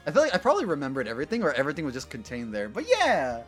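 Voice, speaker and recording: A man streaming a game, chatting casually with his viewers in a giggly, animated way. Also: a little high, racing, soft background music. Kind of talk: casual gaming stream chat.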